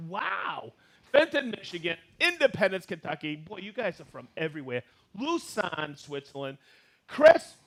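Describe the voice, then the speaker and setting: Bright, high-voiced upbeat male host. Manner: upbeat, reads out viewer names and hometowns with quick greetings and laughs. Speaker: live stream host. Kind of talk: live stream shout-outs to viewers.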